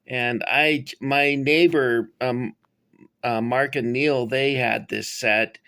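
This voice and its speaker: Middle-aged man, gravelly voice, rambling casual show-and-tell, digressive. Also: medium pitch, steady tone, slow pace, pushed and bright. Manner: rambling, digressive, many fillers. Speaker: toy collector reviewing figures.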